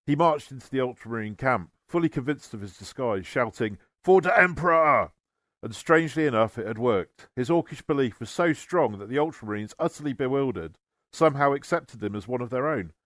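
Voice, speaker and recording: A man narrates a comic tale in a wry, deadpan tone at a middling pitch. The recording is dry and close, with no room sound. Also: fairly quick, no room sound. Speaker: storyteller. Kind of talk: humorous scripted narration.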